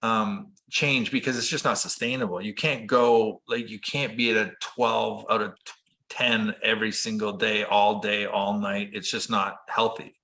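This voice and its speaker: A man telling personal stories as a guest in a casual conversation, earnest and animated. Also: on the low side, measured pace. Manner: earnest, animated, acts out quoted dialogue. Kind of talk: conversational storytelling.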